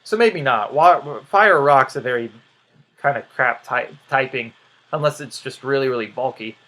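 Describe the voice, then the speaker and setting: A man's voice: medium pitch, normal speed, bright, forceful tone. A man giving casual video commentary, rambling and hesitant, often trailing off into "um" and "I don't know". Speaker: YouTuber.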